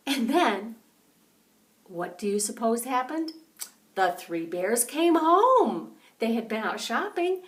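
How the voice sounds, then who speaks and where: Animated grandmother telling a bedtime story. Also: fairly high pitch, distant mic, a little hiss or hum. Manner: animated, dramatic, slow and expressive.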